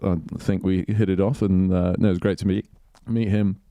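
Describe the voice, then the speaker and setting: A man's voice: low voice, little pitch movement, normal speed, dark tone, no room sound. A man, a podcast guest talking casually in a rambling, hesitant way with many fillers. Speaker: podcast guest, golf club director. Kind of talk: casual chat.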